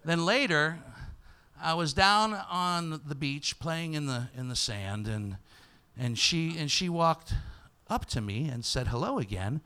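A man with a high, sharply bright voice tells a comic story as a podcast host. His delivery is loud and animated, often jumping into shouts for effect. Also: a little slow, clean tone.

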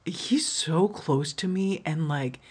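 A solo podcast host talks slowly in a deep, somewhat mellow voice with a breathy edge. Her stories are candid and profane, with lots of "like," frequent laughs, and trailing restarts.

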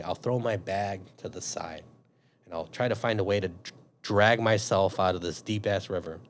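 A man's voice: fairly low pitch, slight background noise. A man telling a story in casual chat, swearing often and acting out his own thoughts. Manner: profane, animated storyteller.

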